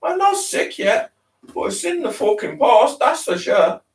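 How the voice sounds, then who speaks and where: A man's voice: very high-pitched, big pitch swings, measured pace, voice pushed up, heavily acted. A man reading aloud and voicing an agitated, foul-mouthed young man in withdrawal who snarls and swears breathlessly. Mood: ranting. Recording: roomy, distant mic.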